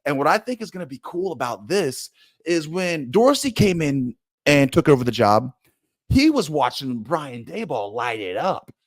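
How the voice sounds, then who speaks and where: A man's voice: fairly high pitch, very animated, normal speed, no echo. Fired-up man giving blunt sports takes. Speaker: sports commentator. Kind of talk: opinionated sports commentary to camera.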